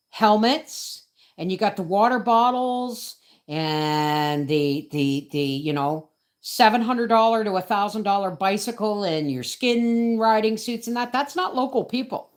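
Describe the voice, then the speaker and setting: A middle-aged woman spins a story on a casual livestream, indignant and emphatic. Her pitch swings widely as she builds her case, landing on a medium register. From Canada. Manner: indignant, emphatic, with frequent "right?" and "folks". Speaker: homesteading channel host.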